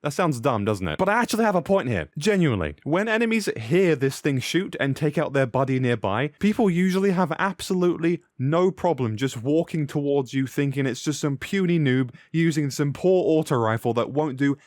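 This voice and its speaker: A man's voice: fairly high pitch, animated, normal speed, hardly any pauses, darkish tone, dry recording, studio quality. A man hosting a casual gaming video, jokey and rambling, talking back to his viewers.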